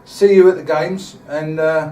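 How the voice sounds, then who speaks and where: A man's voice: a little high, steady tone, a little slow, dark tone. A man hosting a casual supporters' club chat show, talking chattily through fixtures and signing off cheerfully. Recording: echoey room, voice from far off the mic.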